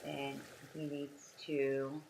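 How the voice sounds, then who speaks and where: A woman's voice: a bass voice, completely flat delivery, extremely slow, very noisy. A young woman from France with a French accent, chatting casually on a live stream as she works through a coding puzzle. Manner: apologetic, chatty, talks through each step.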